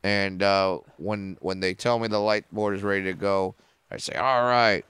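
A man who is a comedian and a podcast guest, telling stories in a casual, profane and animated way. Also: sits low, normal speed, clear, resonant tone, dry recording.

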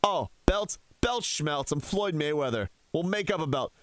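A man's voice: a little high, animated, unhurried, fairly bright tone, dry recording. A man doing a brief, loose impression of a boastful, flashy male boxing champion in a dry radio studio. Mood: cocky. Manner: brash and dismissive.

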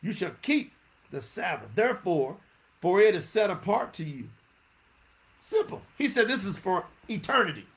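High-voiced animated male preacher. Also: normal speed. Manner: animated, conversational preaching with rhetorical questions. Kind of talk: teaching sermon.

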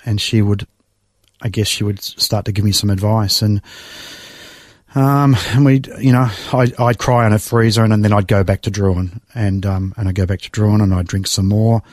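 A middle-aged Australian man with a fairly low voice recounts his past with open emotion, sighing and pausing between thoughts. The sound is close and dry, with almost no room around him. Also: fairly even intonation, a little mellow, no echo. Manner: emotional, reflective storytelling with sighs and pauses. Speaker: guest. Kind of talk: personal testimony in conversation.

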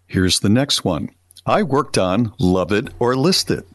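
A man's voice: fairly low pitch, expressive, a little slow, no room sound. A man co-hosting a podcast, reading listener stories in a plain, matter-of-fact way. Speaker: podcast co-host.

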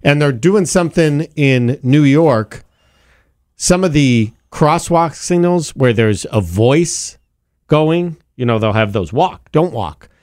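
A man's voice: on the high side, expressive, takes it slowly, no room sound. Man, radio host, easygoing banter, dry studio. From Wisconsin. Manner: chatty, laughs along, bursts into a loud mock New York voice. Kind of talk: casual radio chat.

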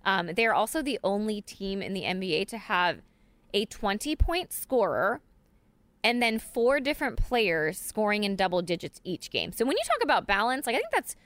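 A woman co-hosting a casual sports chat, animated and laughing often, with lots of fillers. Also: mid-range voice, moderate pace, no room sound. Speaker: podcast co-host.

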